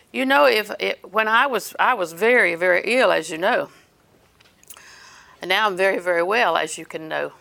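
Older woman, gravelly voice, earnest sermon, scripture quotes. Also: medium pitch, sharp tone. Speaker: preacher.

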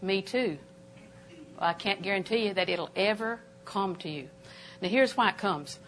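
An older woman preaching a sermon in a church auditorium, animated and emphatic, with sudden jumps in pitch. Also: normal speed.

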